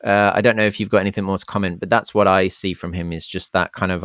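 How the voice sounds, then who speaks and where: A man's voice: low-pitched, steady tone, fast, few pauses, fairly bright tone, smooth, no echo, clean studio sound. A man co-hosting a football podcast, talking in a rambling, casual way and often restarting his sentences. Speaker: podcast co-host.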